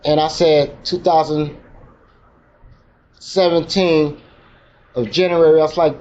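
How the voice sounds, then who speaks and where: A man's voice: fairly high pitch, fairly even intonation, takes it slowly, long pauses, a little mellow. A man telling his own recovery story at a meeting, in raw, emotional street talk full of slang. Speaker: recovery speaker. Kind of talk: personal testimony at a recovery meeting. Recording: dull lo-fi recording with faint noise.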